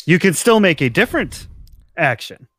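A man serving as game master, narrating a tabletop game in measured, drawn-out phrases. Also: sits high, very animated, fairly bright tone, dry recording, clean studio sound.

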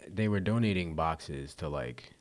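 A man's voice: sits low, expressive, unhurried. A man hosting a podcast, talking loosely and animatedly in casual chat, with casual swearing. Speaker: podcast host.

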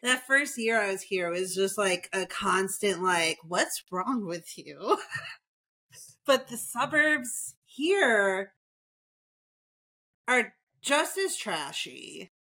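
A woman in her thirties from the Chicago suburbs, co-hosting a casual podcast. Her voice is bright and forceful, and she tells animated stories full of swearing and filler "like"s. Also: medium pitch, slow, long pauses. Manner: profane, animated storytelling with many "like"s. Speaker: podcast co-host. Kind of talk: casual chat.

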